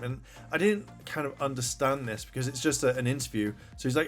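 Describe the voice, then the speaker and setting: A man's voice: medium pitch, brisk, few pauses, soft background music. A man casually reviewing a TV episode, rambling through the plot and swearing when he gets annoyed.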